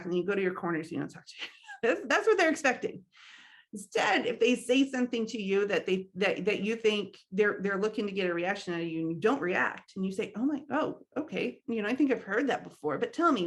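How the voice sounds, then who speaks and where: A young woman leading a training session, talking in a loose, conversational way. She fills her sentences with ums and small laughs, at a medium pitch. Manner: conversational, many fillers, laughs often. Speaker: workshop trainer. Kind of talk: instructional talk.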